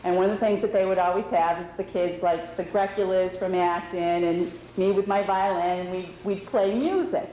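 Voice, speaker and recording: A woman's voice: fairly low pitch, normal speed, hardly any pauses, warm tone. Woman, forties, from New England, chatty explanatory talk, echoey meeting hall, faint background hiss. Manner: explanatory, conversational, with fillers. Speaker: presenter at a historical society meeting. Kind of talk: informal talk to an audience. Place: indoor lodge meeting hall. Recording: roomy hall recording with faint background noise.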